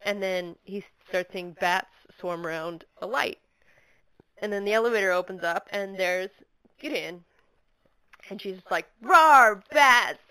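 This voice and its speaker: A woman's voice: mid-range voice, measured pace, clean tone, low-quality recording. A woman co-hosting a podcast, casually recapping an episode and acting out the characters' lines. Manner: animated, acts out characters in quoted voices. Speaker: podcast co-host.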